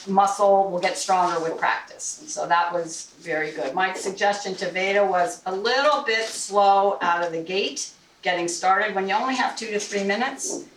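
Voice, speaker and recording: A woman's voice: medium pitch, fairly bright tone. Woman delivering a club evaluation report, loose and chatty, recorded from across a roomy hall. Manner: conversational, with many restarts and fillers. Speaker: general evaluator and timer at a speaking club. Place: meeting room. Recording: roomy, distant mic with faint noise.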